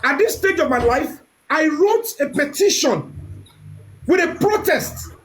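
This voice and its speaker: A woman with a high voice speaks as a guest on a live stream. She sounds indignant and defensive throughout. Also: expressive, unhurried, slight background noise, poor audio. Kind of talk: heated live stream statement.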